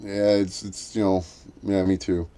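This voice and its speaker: A man with a dark tone, measured pace and little pitch movement tells a rambling story in casual chat. He restarts often and acts out quoted voices by raising his pitch.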